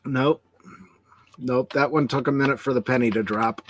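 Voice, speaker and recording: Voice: medium pitch, steady tone, moderate pace, slight background noise. A podcast co-host in casual chat who mostly answers with short, terse agreements.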